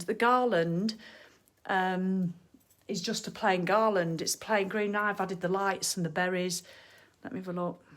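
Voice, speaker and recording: Chatty, cheerful woman. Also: medium pitch. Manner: chatty, cheerful and blunt, with mild swearing and laughs. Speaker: live-stream host. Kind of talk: casual live chat. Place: home living room.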